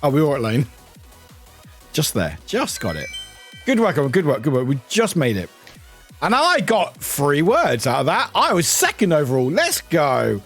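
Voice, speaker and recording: A man from the UK chatting casually with viewers on a live stream as he plays a word game, upbeat and quick to greet people. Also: high-pitched. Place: home room with a cat nearby.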